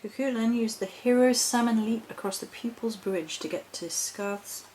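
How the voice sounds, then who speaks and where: This reflective spiritual vlog features a woman, a witch, whose fairly high but darkish voice moves at a moderate pace. She muses in a meandering way, correcting herself mid-thought and laughing, on a rough recording with slight background noise.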